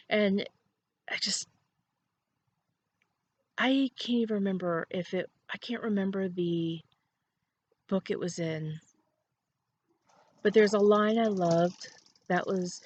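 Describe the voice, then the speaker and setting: A woman's voice: fairly low pitch, husky, muffled recording. A woman hosting a knitting podcast from home, chatting casually, rambling and laughing often. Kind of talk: casual chat to camera.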